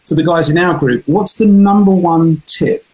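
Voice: medium pitch, moderate pace, darkish tone, low-quality recording. A co-host in a casual interview, informally asking a question on behalf of their group. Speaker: podcast co-host.

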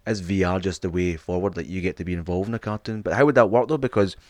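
A man's voice: deep voice, fast, dry recording, clean studio sound. A man with a Scottish accent, co-hosting a podcast in sweary, jokey casual chat. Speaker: podcast co-host.

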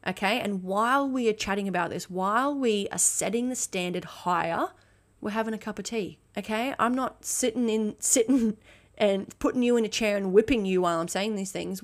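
A woman's voice: mid-range voice, a little fast. A woman coach giving a motivational solo podcast talk, blunt and emphatic, swearing freely and checking in with "okay?". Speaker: fitness and mindset coach.

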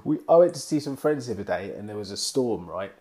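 Low-voiced male host, mellow tone, lively rising-and-falling delivery, relaxed chat. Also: quick pace, slight background noise. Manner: relaxed, reflective, questioning. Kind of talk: casual chat.

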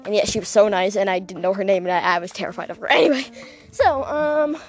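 A woman's voice: medium pitch, fast, faint music behind. A woman hosting a podcast who tells a rambling story in casual chat. She laughs often, stops herself mid-sentence, and fills gaps with "um" and "like.". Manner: rambling, giggly, full of fillers and self-interruptions. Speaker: podcast host.

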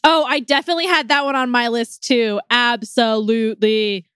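A woman's voice: a little high, steady tone, fairly bright tone, clear, resonant tone, no echo, clean studio sound. A woman in casual chat, playful and teasing. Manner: playful, teasing, quick to laugh.

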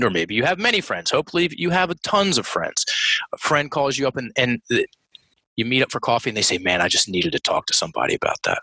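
A man talking as a guest coach in a podcast interview, animated, with many restarts and quick acted-out quotes. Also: mid-range voice, no echo, low-quality recording.

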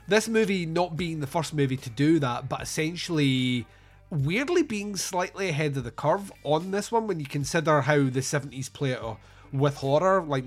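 A Scottish man from Scotland chatting casually about films, rambling through anecdotes and swearing freely. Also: fairly high pitch.

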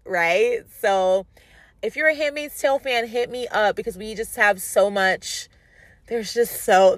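A woman's voice: mid-range voice, no echo. A woman in her thirties from upstate New York hosting a casual solo podcast, chatty and self-mocking, laughing often and leaning on fillers. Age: 30s. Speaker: podcast host.

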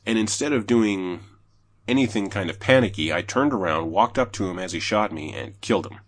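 A young man chatting casually about video games, telling animated stories and swearing often. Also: fairly quick. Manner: animated storyteller, swears, jumps high when excited. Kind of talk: casual gaming chat.

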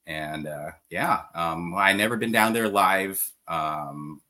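A laid-back man in his forties who laughs easily, speaking over a remote call. His voice is very deep, with a bright, forceful edge. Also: slow pace. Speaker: guest team manager. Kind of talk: casual chat.

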